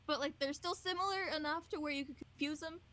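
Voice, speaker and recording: Casting note: chatty host, woman, slightly high voice, casual and sweary on a home mic. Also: quick pace, a crowd in the background. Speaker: podcast host. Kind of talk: casual group chat on a call.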